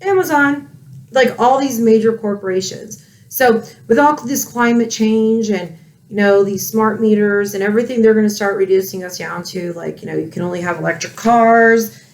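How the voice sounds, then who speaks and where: A woman's voice: mid-range voice, moderate pace. A woman with children, ranting angrily in a heated commentary, swearing often. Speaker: political commentary vlogger.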